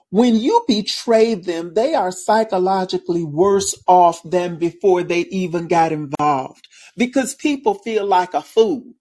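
A woman on a podcast laying out a political argument in a measured, deliberate way. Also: mid-range voice, mellow. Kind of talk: political commentary.

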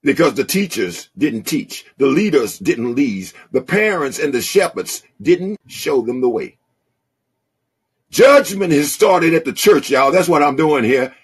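A man preaching a sermon, reading scripture slowly and then exhorting his listeners with growing intensity. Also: fairly high pitch, lively intonation, husky. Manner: slow, reads scripture aloud then preaches with rising intensity. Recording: call-in podcast audio.

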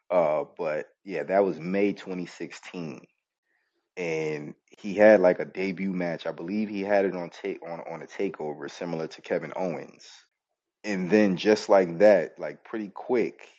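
A man's voice: deep voice, a little mellow. A male podcast host giving a loose, rambling recap of a show and often correcting himself mid-sentence. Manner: rambling, self-correcting storytelling. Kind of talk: casual wrestling show recap. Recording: dull, lo-fi call-in audio.

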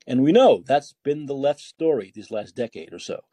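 A man's voice: medium pitch, expressive, moderate pace, dark tone, slightly rough, no echo. A man hosting a call-in podcast, ranting with indignation and firing off rhetorical questions, often repeating words as he heats up. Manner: repeats words when heated. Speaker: podcast host taking calls.

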